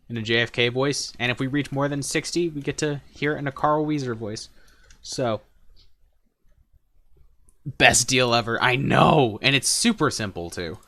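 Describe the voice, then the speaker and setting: A young man with a bright, forward voice chatting casually on a gaming stream. He rambles and jokes, with plenty of fillers and restarts. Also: mid-range voice. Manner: rambling, joking, many fillers.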